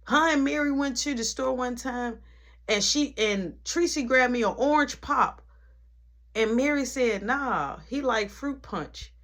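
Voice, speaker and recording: A person telling a dramatic personal story in casual, slangy speech full of asides. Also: female voice, sits high, a little slow. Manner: slangy, animated retelling with many asides.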